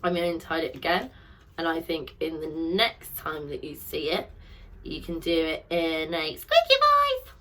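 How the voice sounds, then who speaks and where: A woman's voice: low voice, sing-song, measured pace, sharp tone. A young woman teaching a phonics lesson to children, drilling sounds in call and response and praising each answer.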